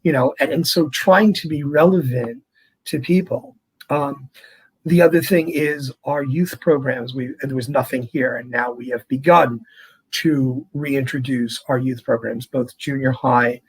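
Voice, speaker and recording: Husky-voiced chatty priest. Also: male voice, medium pitch, a little slow, low-quality recording. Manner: chatty, animated storytelling. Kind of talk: conversational interview.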